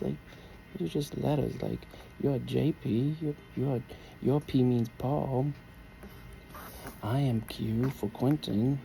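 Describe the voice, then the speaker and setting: A man's voice: medium pitch, creaky, dark tone, a little hiss or hum, poor audio. A father chatting playfully to his baby son, rambling with many fillers. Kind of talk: casual chat.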